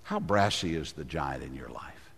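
A male pastor preaching a dramatic sermon, often clearing his throat and dropping low when he speaks as the giant. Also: animated, moderate pace, fairly bright tone. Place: church sanctuary. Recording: long hall reverb.

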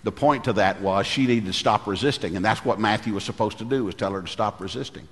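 A man's voice: fairly low pitch, fast talker, a little hiss or hum. Folksy preaching man in a reverberant church. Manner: folksy storyteller who acts out quoted voices. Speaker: pastor. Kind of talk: sermon with storytelling.

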